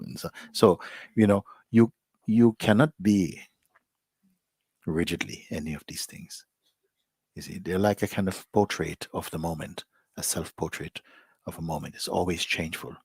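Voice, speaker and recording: A man as a spiritual teacher, giving a reflective, unhurried satsang talk to a live gathering and often softening almost to a whisper. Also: sits low, gravelly, husky, no room sound, studio quality.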